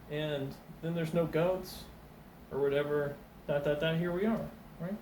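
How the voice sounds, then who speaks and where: A man's voice: a little high, fairly even intonation, unhurried, darkish tone, roomy sound, far from the mic, a little hiss or hum, low-quality recording. A man doing stand-up comedy and telling a meandering story, full of fillers and restarts, putting on small voices for the people in it. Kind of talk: rambling comic storytelling.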